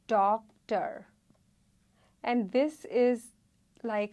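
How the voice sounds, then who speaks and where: Very slow-speaking woman teaching letters. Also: on the high side, fairly even intonation, darkish tone. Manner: slow, careful, repeats each word twice. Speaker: Hindi teacher. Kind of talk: slow spoken lesson, repeating words.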